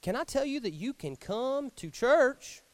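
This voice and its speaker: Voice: high voice, measured pace, dry recording. A preacher delivering an emphatic Sunday sermon in church and acting out the lines they quote. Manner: animated, emphatic, acts out quotes. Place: church sanctuary.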